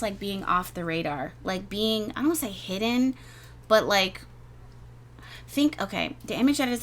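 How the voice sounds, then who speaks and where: A woman's voice: mid-range voice, fairly bright tone. Gushing woman doing a casual tarot reading, repeats herself a lot, little bit of background noise. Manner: rambling, gushing, repeats words, many fillers. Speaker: tarot reader.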